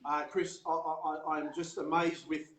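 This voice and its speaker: An Australian host hypes up a race event, talking in a higher register and heaping on praise. His voice rings with an echoey sound at the live venue. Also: little pitch movement, moderate pace, fairly bright tone. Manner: hyped, full of praise, says "mate" often. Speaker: show host.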